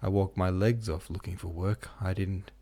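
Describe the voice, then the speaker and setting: A man's voice: sits low, steady tone, normal speed, dark tone. A man voicing a poor, sickly young woman in an audiobook, her lines sullen and tearfully pleading. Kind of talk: audiobook character voice.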